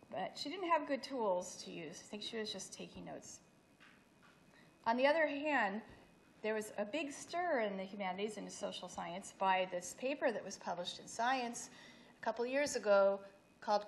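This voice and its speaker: In an event hall, a middle-aged woman gives an academic talk, explaining her slides and often restarting her sentences. Her voice is medium-pitched, with slight background noise.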